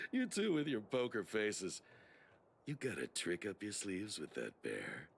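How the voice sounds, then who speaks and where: An actor playing a sly, teasing man at an auction, speaking slowly and mockingly in a gravelly voice. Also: very animated, a little hiss or hum, exaggerated voice. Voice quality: gravelly, very deep. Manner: slow, drawn-out and mocking.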